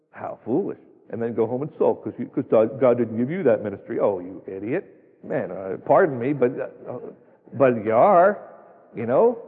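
A man's voice: medium pitch, animated, moderate pace, husky. A man preaching a sermon in a church, folksy and emphatic, with many rhetorical questions. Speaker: pastor. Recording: tinny phone-like sound, long hall reverb.

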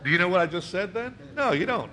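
A man's voice: high voice, animated, fast talker, background noise. A man preaching to a congregation, reading scripture aloud and explaining it conversationally, often asking his listeners questions. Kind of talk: verse-by-verse Bible teaching.

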